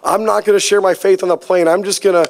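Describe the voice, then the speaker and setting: A man preaching a sermon, telling a lively personal story and acting out the dialogue. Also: high-pitched, fast talker, gravelly. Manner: storytelling, animated, acts out quoted dialogue. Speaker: pastor.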